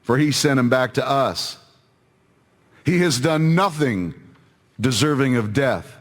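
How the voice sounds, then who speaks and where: A man's voice: medium pitch, lively intonation, slow, big-room sound. A man reading the part of an uneasy Roman governor in a scripture reading, pressing questions on a crowd. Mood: insistent.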